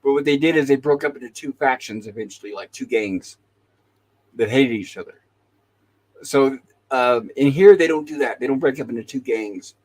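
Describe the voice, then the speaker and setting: A man's voice: medium pitch, normal speed, darkish tone, low-quality recording. A man hosting a talk show, casually retelling TV episode scenes and quoting the characters' lines. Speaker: podcast host.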